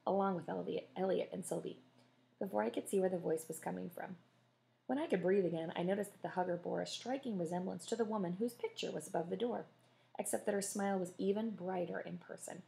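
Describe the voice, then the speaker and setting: An audiobook reader, a woman with a fairly low, gravelly yet mellow voice, reads a children's book chapter aloud at a fairly quick pace. She's chatty, tossing casual asides to listeners and correcting herself as she goes.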